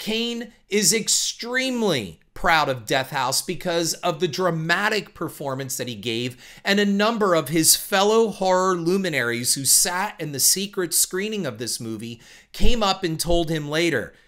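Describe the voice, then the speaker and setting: A man hosting a solo podcast, talking emphatically and opinionatedly with some fillers. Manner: opinionated and emphatic, with animated pitch swings; uses uh fillers and restarts, ranting. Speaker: podcast host.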